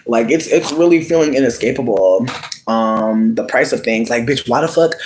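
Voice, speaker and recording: In a casual live-stream rant, this speaker is dramatic and expressive, swearing often and calling viewers sweetie. The pitch swings widely, with sudden squeals and drawn-out words, and there's a slight hiss or hum on the recording.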